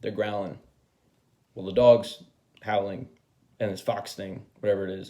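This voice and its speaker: A man's voice: lowish voice, fairly even intonation, moderate pace, warm tone, lo-fi sound. Chatty man giving a tarot reading. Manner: chatty and rambling, swears freely, laughs at himself. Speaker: tarot reader.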